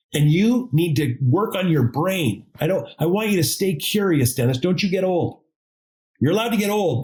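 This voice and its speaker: A man's voice: on the high side, rough recording. A man being interviewed as a guest, telling stories casually and acting out dialogue with jokey asides. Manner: animated, acts out dialogue in quotes, jokey asides. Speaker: podcast guest, advisor consultant.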